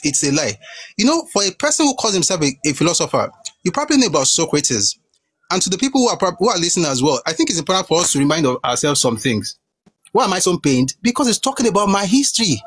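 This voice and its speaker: A man's voice: high voice, breathy edge. A young man with a Nigerian Yoruba accent, passionately scolding an opponent in a heated live debate. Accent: Nigerian English, Yoruba. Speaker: debate participant.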